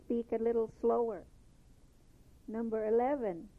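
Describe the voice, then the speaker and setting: A woman teaching a language lesson, patiently repeating each phrase slowly before explaining it. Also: medium pitch, steady tone. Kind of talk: slow spoken language lesson. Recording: tinny phone-like lo-fi recording.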